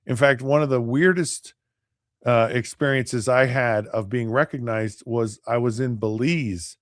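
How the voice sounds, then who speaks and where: A middle-aged podcast host who used to play quarterback in the NFL tells a story loosely, restarting sentences and acting out other people's voices. He speaks unhurriedly at an ordinary middle pitch with fairly even intonation, and the sound is dry and close with no room echo.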